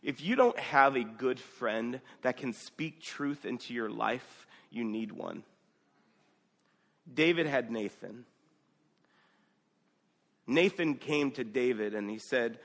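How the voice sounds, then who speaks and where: A man's voice: medium pitch, slow, long pauses, a bit bright, big-room sound. A male pastor preaching a sermon, telling a story conversationally and reading scripture aloud.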